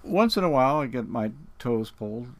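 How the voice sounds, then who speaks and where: A male radio host talks in a relaxed, plainspoken way, sharing short personal recollections. His voice sits at an ordinary middle pitch. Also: a little fast. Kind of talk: casual interview chat.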